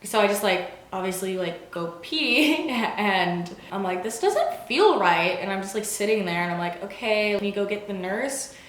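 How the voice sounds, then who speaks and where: A young woman recounting a story to camera in a relaxed, rambling way, peppering her talk with fillers and quick acted-out quotes. Her voice sits at an ordinary middle pitch for a woman. The room around her rings with noticeable echo. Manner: chatty, filler-heavy, acts out quotes. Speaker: vlogger. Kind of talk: casual storytime.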